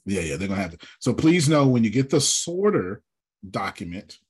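A man leading a casual work meeting, animated and joking, with a drawling, husky voice. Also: lowish voice, moderate pace. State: sore after workouts. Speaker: business owner leading a team meeting.

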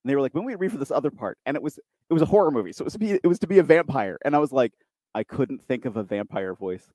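A man chatting casually, telling self-deprecating stories with quick asides. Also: medium pitch, lively intonation, dark tone, dry recording. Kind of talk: casual chat.

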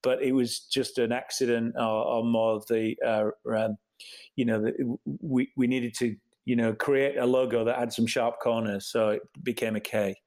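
A middle-aged man with a Yorkshire accent softened by years in America, talking as an interview guest in a thoughtful way, with many restarts. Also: mid-range voice, flat delivery, normal speed. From Yorkshire, England. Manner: thoughtful, many restarts and "you know" fillers. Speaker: interview guest, company co-founder. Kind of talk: casual conversational interview.

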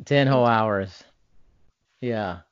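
A man's voice: fairly low pitch, no echo, highs cut off. A man from the United States hosting a podcast interview in a chatty, upbeat way. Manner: upbeat, chatty, with slow deliberate intro phrasing. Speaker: podcast host.

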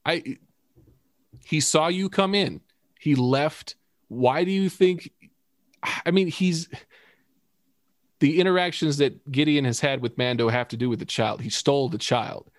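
A man in casual, animated conversation about a TV episode, swearing freely and laughing often. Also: fairly high pitch, unhurried, long pauses, dry recording, clean studio sound.

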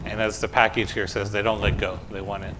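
A man's voice: lowish voice, level tone, brisk, noisy background. A man pastor reading the gospel, then giving a conversational children's sermon full of questions in a church. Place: church sanctuary.

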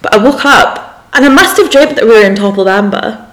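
A woman's voice: fairly high pitch, fairly quick, fairly bright tone. A woman in her twenties, co-hosting a podcast in casual chat, telling stories with frequent laughter. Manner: giggly storyteller, laughs often. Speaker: podcast co-host.

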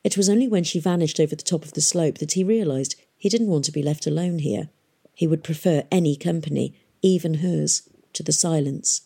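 A woman reading a novel aloud in a measured, gentle way. Her voice is husky and mellow and sits a little low. The pace is calm and steady. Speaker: audiobook narrator. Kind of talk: scripted narration.

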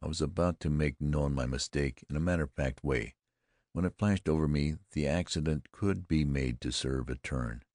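A male audiobook narrator with an exceptionally deep, gravelly voice tells a first-person tale in a measured, deliberate way. The close microphone gives a dry, intimate sound with no room around it. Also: a little mellow, no room sound.

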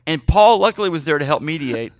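A man hosting a podcast, rambling in excitable, apologetic stories. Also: on the high side, fast. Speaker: podcast host. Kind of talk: casual podcast chat.

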